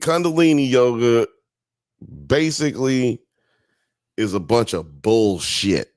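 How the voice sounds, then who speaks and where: A man's voice: medium pitch, takes it slowly, a little mellow, no room sound, clean studio sound. A man hosting a live-streamed talk show, chatting casually and profanely, joking with the audience and reading chat comments aloud.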